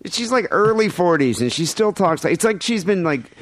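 A man's voice: sits high, very animated, moderate pace, no echo. A man co-hosting a casual, crude podcast, telling a news story with joking asides. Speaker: podcast co-host.

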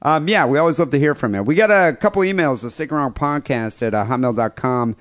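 A man's voice: mid-range voice, animated, quick pace, dry recording, clean studio sound. An American man co-hosting a crude comedy podcast, reading listener emails aloud with sarcastic asides. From United States. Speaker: podcast co-host.

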